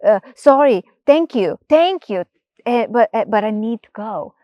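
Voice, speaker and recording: A woman voicing a small, anxious young male mouse who talks in excited, stammering bursts. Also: unhurried, no echo, dull audio. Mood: hurried. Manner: excited, stammering, high-pitched.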